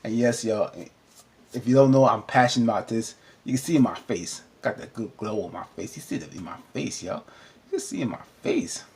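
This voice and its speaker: A man recapping a TV episode in a casual, animated, rambling way, often cutting himself off, with features. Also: mid-range voice, a little fast. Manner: animated, rambling, self-interrupting. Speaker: TV recap vlogger. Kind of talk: casual chat.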